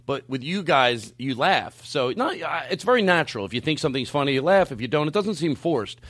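A man's voice: on the high side, brisk, dry recording. Hyped up comedy host guy, voice bouncing all over, swears a lot, band in the studio. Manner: animated, swears freely, slips into joke voices. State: amped up on coffee. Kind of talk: loose comedic banter.

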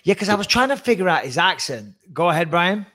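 Animated, teasing podcast host man. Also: sits high, quick pace. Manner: animated, teasing, talks with emphatic repetition. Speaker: podcast co-host and fight pundit. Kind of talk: casual podcast chat.

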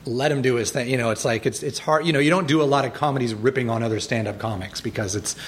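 A middle-aged man chatting as a guest in an interview, animated and acting out quoted lines with laughter. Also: medium pitch, fast talker, a little hiss or hum. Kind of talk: casual interview chat.

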